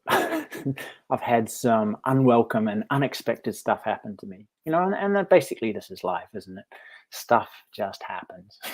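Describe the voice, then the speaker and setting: Speaking to camera in a middle-pitched voice, a meditation teacher shares a parable in a casual storytelling vlog. He's friendly and reflective, often chuckling and starting his phrases over.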